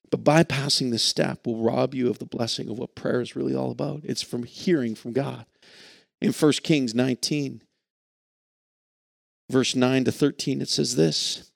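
A man's voice: mid-range voice, fairly even intonation, normal speed, vocal fry, no echo, clean studio sound. A man preaching a sermon in an earnest, reflective way, reading scripture and stumbling over a few words. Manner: earnest, reflective, with occasional restarts. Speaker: pastor.

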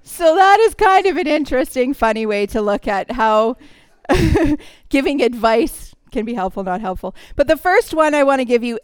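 A woman preaching in a relaxed, conversational way and slipping into little acted quotes as she teaches. Her voice is smooth and clear and sits a little high. The sound is close and dry. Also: no echo. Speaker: speaker in a church service. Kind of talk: sermon.

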